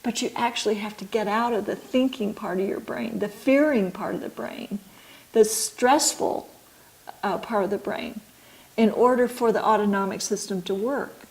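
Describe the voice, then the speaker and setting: A middle-aged woman, an author and midwife, explaining her ideas slowly and thoughtfully in an interview. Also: mid-range voice, creaky, a little mellow, poor audio.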